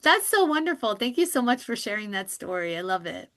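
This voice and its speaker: A woman psychologist guest on a podcast, explaining therapy and coping skills in a lively, talkative way, laughing often. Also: fairly high pitch, fairly quick. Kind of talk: podcast interview.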